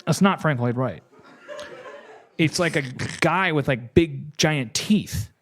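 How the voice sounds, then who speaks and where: Rambling, profane comedy podcast host. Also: male voice, fairly high pitch, lively intonation, takes it slowly. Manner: rambling, profane, self-interrupting. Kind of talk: improvised comedic storytelling.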